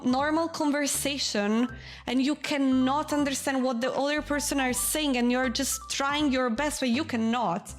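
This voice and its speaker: A woman from Switzerland chatting casually on a live stream, rambling and animated, frank and sometimes swearing. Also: sits high.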